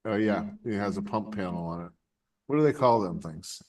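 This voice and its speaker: A man's voice: lowish voice, animated, normal speed, far from the mic. A man, rambling through a story among friends, swearing and laughing often. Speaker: podcast host. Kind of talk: casual stoner chat with friends.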